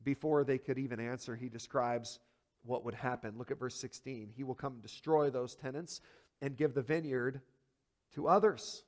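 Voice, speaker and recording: Speaking at a normal speed, a male pastor preaches with animation and emphasis. He throws rhetorical questions at his congregation, his voice moving between quiet low asides and loud high climaxes.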